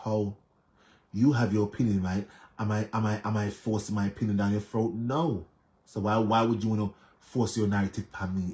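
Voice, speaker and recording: A man's voice: on the low side, a little mellow. A man with a Jamaican accent giving emphatic, repetitive casual commentary on social media drama, mixing patois with English. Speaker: online commentator.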